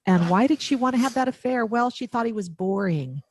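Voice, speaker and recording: A woman author, a guest on an interview, telling stories with lively enthusiasm and acting out the dialogue. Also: a little high, fairly quick. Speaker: author and letter writer, guest. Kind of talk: interview storytelling.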